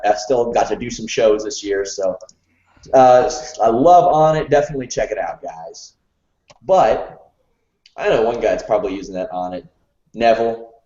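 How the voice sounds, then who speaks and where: A podcast host of a wrestling show chats casually and reads an ad with a jokey edge. His voice is on the low side and mellow, and the audio is reverberant with the highs cut off.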